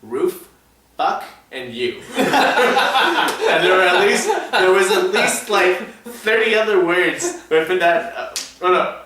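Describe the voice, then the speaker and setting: A man's voice: high voice, big pitch swings, slow, crowd noise. A man co-hosting a casual movie review chat, rambling with many restarts and fillers. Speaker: podcast co-host. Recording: echoey room, distant mic, faint noise.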